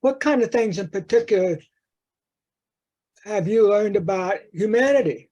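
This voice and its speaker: A man's voice: high voice, expressive, normal speed, mellow, lo-fi sound. A man asking interview questions, rephrasing as he goes.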